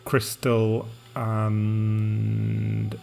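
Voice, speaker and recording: A man streaming a game live, chatting casually and narrating what he does in a relaxed way. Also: fairly low pitch, drawn-out words, gravelly, soft background music. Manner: relaxed, narrating his gameplay.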